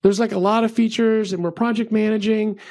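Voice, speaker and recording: A middle-aged man talking as an interview guest, explaining his views in a lively, opinionated way and slipping into a rant. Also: sits high, brisk, no echo. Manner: animated storyteller, acts out quotes, ranty. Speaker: venture capital partner, guest.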